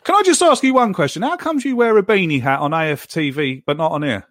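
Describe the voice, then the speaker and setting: A man's voice: on the high side, quick pace, fairly bright tone, dry recording, clean studio sound. A man hosting a casual football podcast, chatting and moderating the live chat. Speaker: podcast host.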